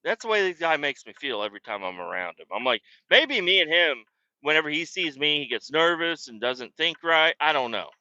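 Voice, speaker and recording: Bright-voiced man ranting with heavy profanity. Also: on the high side, big pitch swings, fairly quick, dry recording. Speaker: podcast host. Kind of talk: casual storytelling. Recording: dull lo-fi podcast audio.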